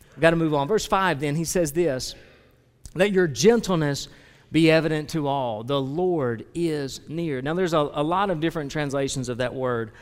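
A man preaching a sermon as pastor, earnest, moving between quiet confession and loud, emphatic preaching. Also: mid-range voice. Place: church sanctuary. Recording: long reverb of a church hall.

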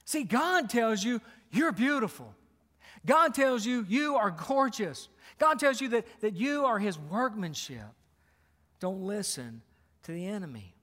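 High-voiced man preaching in a hall. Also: sing-song, unhurried, bright, forceful tone. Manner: emphatic, repetitive, rhetorical questions. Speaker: pastor. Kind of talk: sermon. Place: church sanctuary. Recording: long hall reverb.

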